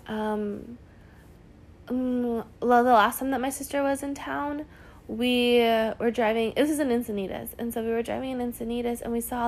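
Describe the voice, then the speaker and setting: Young woman, podcast host, personal storytelling; fairly high voice, chatty and earnest, peppers every sentence with "like". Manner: chatty, heavy use of "like" fillers; earnest and emotional.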